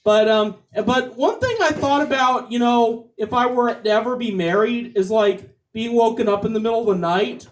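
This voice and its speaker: A male stand-up comedian on a club stage, delivering jokes haltingly with many repeated ums and restarts. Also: high voice, recorded from a distance.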